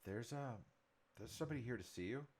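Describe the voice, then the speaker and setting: A man's voice: mid-range voice, brisk, darkish tone, a little hiss or hum, voice pushed up, lightly acted. A man voicing a timid young woman servant who speaks politely and stammers. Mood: hesitant. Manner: hesitant, stammering.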